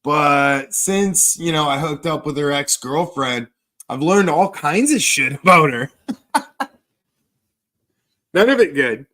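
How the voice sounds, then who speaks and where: Slow, sarcastic man streaming. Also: a little high, animated, sharp tone. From Canada. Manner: sarcastic, crude, slow drawl. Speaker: livestreamer. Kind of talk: profane livestream banter reading chat.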